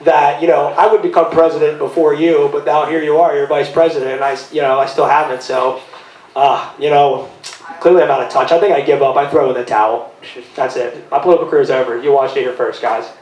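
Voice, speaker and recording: A man hosting a casual live podcast in a bar, talking fast with lots of restarts. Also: fairly high pitch, steady tone, darkish tone. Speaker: podcast host. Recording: echoey live room.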